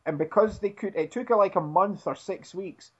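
Man in casual conversation, slightly high pitch, easygoing and hesitant, dull recording. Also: normal speed, slightly rough. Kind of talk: casual chat.

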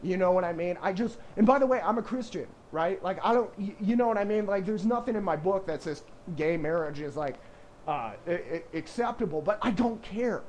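A man's voice: high-pitched, lively intonation, a little fast, darkish tone, slight background noise. Rambling, laughing young man. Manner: rambling, self-mocking, laughs often, many fillers. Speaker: podcast co-host, professional poker player. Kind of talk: casual chat.

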